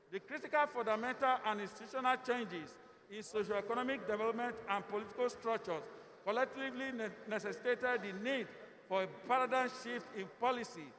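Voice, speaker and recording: A man reads a formal address in a slow, measured way. His voice is high for a man. A long hall reverb trails each phrase. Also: fairly bright tone. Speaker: government official giving a speech. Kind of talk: formal prepared speech.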